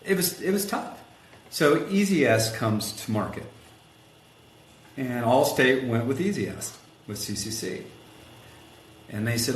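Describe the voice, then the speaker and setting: A man telling a story in a casual interview, animated and acting out quotes, rough around the edges. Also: mid-range voice, unhurried, long pauses. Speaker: guest, collision shop executive. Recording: echoey room with faint background noise.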